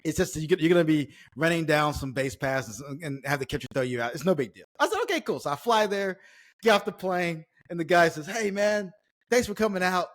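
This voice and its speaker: Guest, male, former ballplayer. Lively raconteur with a slightly high voice. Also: a little fast. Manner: animated storyteller, acts out quotes, swears casually. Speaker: former pro baseball player, guest. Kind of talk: casual storytelling chat.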